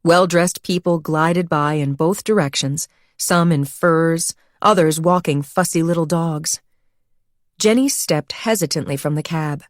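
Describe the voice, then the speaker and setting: Low-voiced woman reading a thriller. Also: no room sound, studio quality. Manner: steady, measured reading. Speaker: audiobook narrator. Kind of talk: scripted narration.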